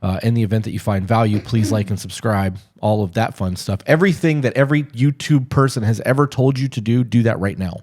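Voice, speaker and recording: A man's voice: fairly low pitch, fairly quick, hardly any pauses, a little mellow. A young man co-hosting a podcast in casual chat, sounding congested, loose and joking, swearing freely. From Tennessee. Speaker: podcast co-host.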